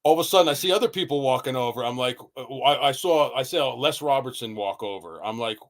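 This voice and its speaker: A man's voice: medium pitch, fast. A man telling stories in casual podcast chat, swearing freely and acting out what people said. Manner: swears freely, tells stories with quoted asides. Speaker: knife maker guest.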